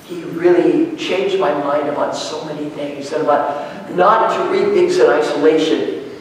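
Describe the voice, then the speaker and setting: A woman's voice: low voice, a little slow. Woman pastor, chatty storytelling sermon, heard from far off in a reverberant church with faint room hum. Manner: conversational storytelling, asks the congregation questions. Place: church sanctuary. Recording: echoey church hall, far from mic.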